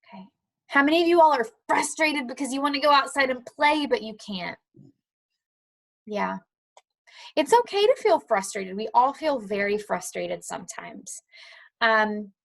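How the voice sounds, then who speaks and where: There's a dog nearby as a woman gives an online lesson and read-aloud to small children from her home, staying patient and encouraging. Her voice sits on the high side and sounds gravelly.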